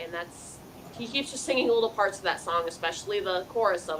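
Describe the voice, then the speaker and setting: A woman's voice: fairly low pitch, a little fast, a bit bright, a little hiss or hum, rough recording. A woman hosting a live call-in psychic show, earnestly passing on messages from the dead in first person, with a chatty "you know" style. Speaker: psychic medium host.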